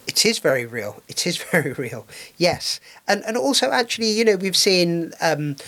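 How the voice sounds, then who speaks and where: Halting, rambling man co-hosting a radio chat. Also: sits high, very animated, a bit bright. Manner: halting, rambling with many restarts. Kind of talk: casual radio discussion.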